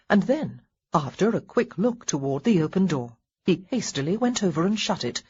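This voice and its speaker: A woman narrating an audiobook with wry, expressive storytelling. Her voice is husky and breathy, and it rises and falls in lively sweeps. The audio has a dull, muffled quality. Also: on the low side, moderate pace. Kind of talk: scripted narration.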